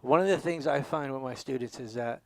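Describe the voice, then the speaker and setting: A man's voice: mid-range voice, a little fast, a little mellow, no room sound, poor audio. Man teaching drums, counting aloud. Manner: explanatory, counts aloud with accents. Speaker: drum instructor. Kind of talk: demonstration lesson.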